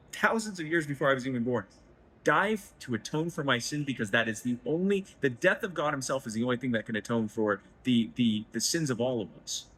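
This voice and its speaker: At an indoor festival booth, a man who heads a liberty organization is interviewed as a guest and speaks emotionally about his faith. He rambles and pokes fun at himself, his husky voice jumping higher when excited, and the audio is poor.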